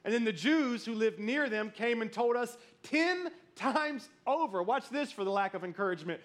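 A man's voice: very high voice, normal speed, few pauses. A man in his thirties preaching a sermon as pastor, telling stories and calling out to the congregation. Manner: storytelling, animated, calls out to the congregation.

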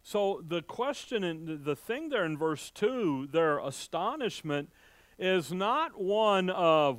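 A man giving a verse-by-verse sermon, his voice a touch high and his delivery slow and deliberate. He reads old scripture lines carefully, then lifts his voice to play the doubting townsfolk, often stopping to restart a thought. The sound is close and dry, with no room echo. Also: animated, fairly bright tone. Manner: conversational, acts out the townspeople's voices with rising pitch; halting restarts, reads King James verses slowly. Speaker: pastor. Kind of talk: sermon, verse-by-verse Bible teaching.

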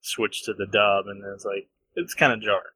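A young man co-hosting a podcast in casual chat, easygoing, hesitant, and quick to give his opinion. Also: on the low side, fairly even intonation, bright, forceful tone, husky, no echo, rough recording. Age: young adult. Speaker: podcast co-host.

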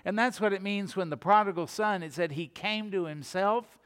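A pastor preaching a sermon, telling stories and acting out the voices of the people in them. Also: male voice, high voice, moderate pace, clear, resonant tone, long reverb tail. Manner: animated storytelling, acting out quoted voices.

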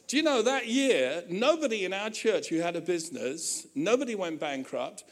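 A man preaching to his congregation, his voice sitting high and swinging widely as he builds his points. He talks conversationally, slipping into joking asides and playful voices for the people in his stories. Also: normal speed, hardly any pauses. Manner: animated preaching with humorous asides. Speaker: pastor. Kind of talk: sermon.

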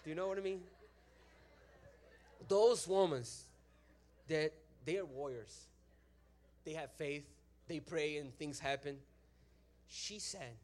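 A Brazilian-accented man gives an excited sermon testimony in a somewhat high voice. He moves between soft, earnest prayer and loud bursts of praise. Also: unhurried, pauses often. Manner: animated storytelling, swings from hushed prayer to loud praise. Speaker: preacher.

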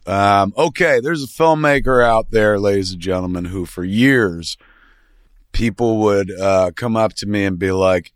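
A man with a somewhat low voice hosts a loose, rambling film discussion. He talks casually and fills his sentences with ums and asides. The sound is dry and close. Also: normal speed, no room sound. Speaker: podcast host.

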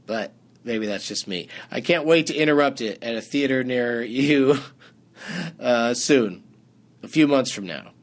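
A man's voice: mid-range voice, a little slow. A man hosting a casual movie review, dry and sarcastic in tone. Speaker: movie review podcast host.

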